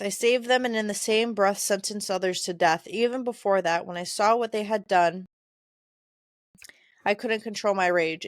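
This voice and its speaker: A woman's voice: mid-range voice, no echo, clean studio sound. A woman co-hosting a podcast, casually summarizing a novel and reading its dialogue aloud, stumbling over names. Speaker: podcast co-host. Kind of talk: casual book discussion, reading passages aloud.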